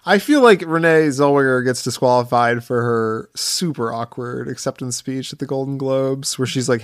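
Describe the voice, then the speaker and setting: A man's voice: medium pitch, moderate pace, few pauses, clean tone, no room sound, studio quality. A man co-hosting a podcast, casual with wry asides. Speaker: podcast host. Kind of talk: casual chat.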